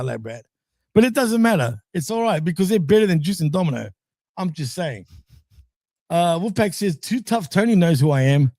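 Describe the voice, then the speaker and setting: A man's voice: high voice, a little mellow, dry recording, clean studio sound. A man co-hosting a podcast, chatting casually through a wrestling recap, rambling and laughing often. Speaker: podcast co-host.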